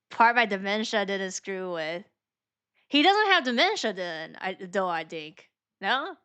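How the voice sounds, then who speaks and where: A woman's voice: mid-range voice, bright, forceful tone, clean tone. A woman streaming a game, reading its dialogue aloud and chatting in a rambling, filler-heavy way, laughing often. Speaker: VTuber streamer.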